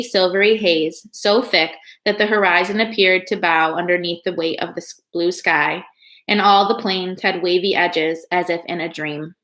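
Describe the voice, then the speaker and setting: A woman reads a children's novel aloud, calm and steady, pausing to reflect between chapters. Her voice sits at an ordinary middle pitch. The sound carries the ring of an echoey room.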